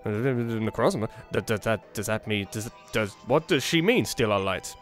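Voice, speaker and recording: A man's voice: lowish voice, lively intonation, unhurried, faint music behind. A man giving casual let's play commentary while playing, thinking aloud and often restarting his sentences.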